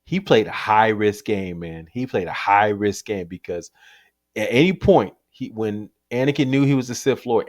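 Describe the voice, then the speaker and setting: In a clean, dry studio recording, a man with a lowish voice co-hosts a podcast about movies. He's a lively storyteller who performs the quotes and laughs frequently throughout the casual conversation.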